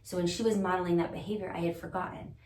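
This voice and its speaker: Speaking rapid-fire in a lowish, fairly even and slightly mellow voice, this podcast guest reflects on her story, earnest and searching as she thinks out loud. She's indoors in a room with the host, captured on a distant mic with roomy echo and faint noise.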